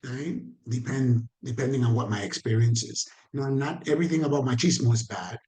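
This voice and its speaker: A man's voice: medium pitch, a little fast, a little mellow. A man leading a professional training lecture, talking conversationally, checking in with his listeners and sometimes stumbling over repeated words.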